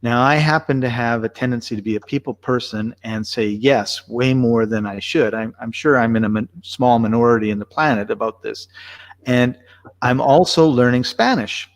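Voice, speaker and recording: A man's voice: mid-range voice, normal speed. A man chatting casually as co-host, telling a rambling story with lots of restarts. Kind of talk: casual conversational chat.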